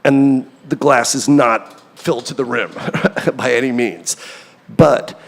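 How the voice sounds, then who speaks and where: A man's voice: medium pitch, takes it slowly, big-room sound. A middle-aged man, a songwriter being interviewed, talking candidly and rambling, with a self-deprecating streak. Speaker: songwriter guest. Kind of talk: casual interview.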